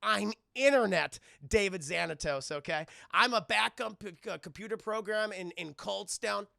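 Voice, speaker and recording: A man's voice: high voice, moderate pace, gravelly, sharp tone, no echo, studio quality, exaggerated voice. A man voicing a pushy male computer program who talks casually and persuasively. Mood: explaining.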